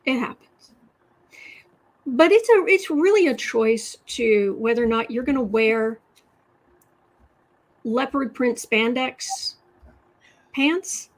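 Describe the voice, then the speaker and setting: A woman from West Virginia hosting a tarot and astrology livestream, telling stories in a rambling, animated way with sudden emphatic outbursts. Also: a little high, slow, pauses often. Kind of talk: casual chat, storytelling.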